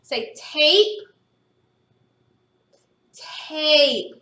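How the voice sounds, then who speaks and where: High-voiced lady teacher sounding out words slowly, echoey room, mic a bit far off. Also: lively intonation, pushed and bright. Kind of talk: phonics lesson to young students.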